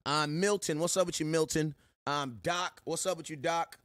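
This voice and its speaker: Animated man giving shout-outs to viewers. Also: a little high, moderate pace, no room sound. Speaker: sports show host. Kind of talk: live-stream chat.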